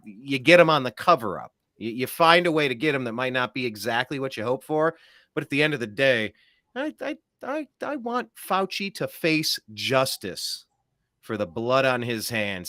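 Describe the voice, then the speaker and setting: Guy hosting a political talk show, bright edgy voice, super dry close mic, ranting and sarcastic. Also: mid-range voice, animated, normal speed, no room sound. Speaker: host.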